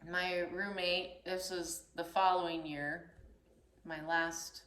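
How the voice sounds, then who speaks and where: Animated young woman telling a story. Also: fairly low pitch, takes it slowly. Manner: animated, acts out voices in her story. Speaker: storyteller host. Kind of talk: casual chat, telling a story. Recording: echoey room.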